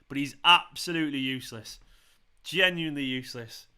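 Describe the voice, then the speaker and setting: A man's voice: mid-range voice, a little fast, smooth. A man hosting a live football watchalong stream, ranting and swearing at the referees. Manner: ranting, swearing, shouting in celebration. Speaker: football fan channel host. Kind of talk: live match watchalong commentary.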